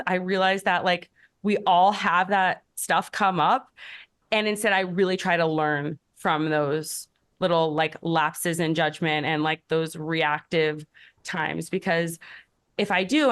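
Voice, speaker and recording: A woman in her thirties, a podcast host and health coach, answering questions in a candid, reflective way, with many fillers and lively storytelling. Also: fairly low pitch, a little slow. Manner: candid and reflective, many "like" fillers, animated when telling stories. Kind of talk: casual conversational podcast answers.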